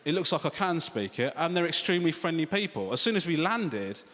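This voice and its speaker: A man's voice: fairly high pitch, big pitch swings, fairly quick, a bit bright. A British man doing a sardonic, sweary stand-up comedy set, talking straight to the crowd from a large theatre stage. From Britain. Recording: reverberant theatre with audience noise.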